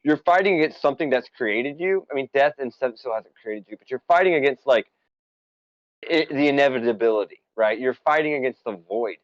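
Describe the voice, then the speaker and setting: Fairly quick and medium-pitched, the voice belongs to a US man co-hosting a casual stream, a podcast co-host and essay author. He rambles enthusiastically about a film and a game, with lots of fillers and tangents, in lo-fi sound that has no room sound.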